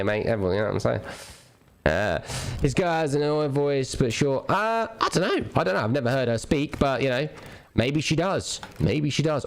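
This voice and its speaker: A young man streaming a game, ranting casually, profane and rambling with lots of restarts. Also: medium pitch. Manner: rambling, profane, repeats himself.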